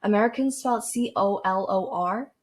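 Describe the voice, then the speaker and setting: A woman's voice: mid-range voice, moderate pace. A teenage girl from Canada, rambling casually to camera as a podcast host, with lots of fillers and restarts. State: dry throat.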